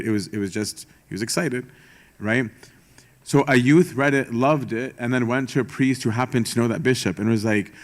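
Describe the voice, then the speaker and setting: A young man, a priest giving a conversational retreat talk, informal and wry, often checking in with "right?". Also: medium pitch. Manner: informal, rhetorical, frequent "right?" and "um"; self-aware sarcastic humor. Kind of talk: conversational sermon.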